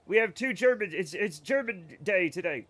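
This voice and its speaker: A man's voice: high-pitched, lively intonation, moderate pace, a bit bright. An American man streaming a game, joking and rambling to his chat. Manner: jokey, rambling, talks to chat. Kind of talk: casual livestream chat.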